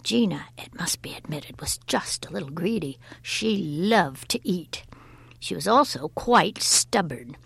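A woman reading a folk tale aloud as a storyteller, expressive and often dropping to a breathy whisper. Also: on the low side, unhurried.

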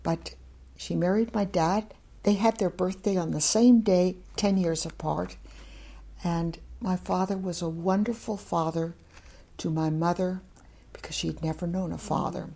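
Brief: older woman interviewee, low gravelly husky voice, chatty and outspoken, rambling stories. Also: fairly even intonation, a little slow, warm tone. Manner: talkative, frank, wandering anecdotes. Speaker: interviewee, former German teacher. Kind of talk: oral history storytelling.

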